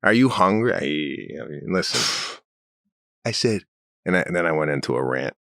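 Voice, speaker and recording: A middle-aged man co-hosting a podcast, telling stories in casual chat and working himself into animated rants. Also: moderate pace, gravelly, no echo, clean studio sound. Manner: animated storytelling, rants with rising pitch. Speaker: podcast co-host.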